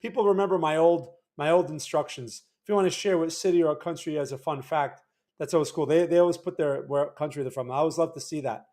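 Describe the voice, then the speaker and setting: Man, new jersey accent, slightly high voice, casual livestream market talk, chatty, keeps asking "right?". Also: quick pace, darkish tone. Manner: loose, conversational, frequent restarts and "right?" check-ins. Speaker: market analysis livestream host. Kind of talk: casual livestream chart commentary.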